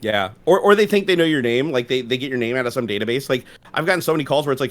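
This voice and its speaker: A man's voice: mid-range voice, lively intonation, very fast, hardly any pauses, fairly bright tone. A middle-aged man on a casual livestream, telling stories in a loose, profane way and laughing often. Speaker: streamer co-host.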